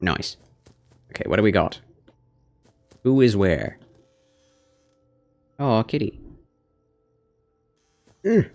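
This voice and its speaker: A man's voice: lowish voice, big pitch swings, extremely slow, vocal fry, pauses often, a little mellow, soft background music. A man streaming a horror game for his chat, chatting casually and cooing at his cat. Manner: talks baby talk and whispers to his cat. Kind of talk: casual gameplay livestream chat.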